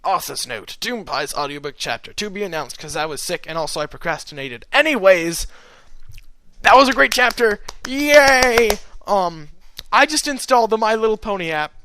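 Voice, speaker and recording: A young man with a high, smooth voice rambles through a casual author's note. He meanders and restarts, packing his talk with fillers. The sound is close and dry. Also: animated, moderate pace, sharp tone, dry recording. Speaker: audiobook reader.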